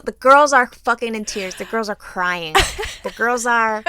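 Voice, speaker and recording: A woman co-hosting a podcast, telling an animated, laughing story in casual chat and swearing freely. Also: on the high side, measured pace, clear, resonant tone, no room sound. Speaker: podcast co-host.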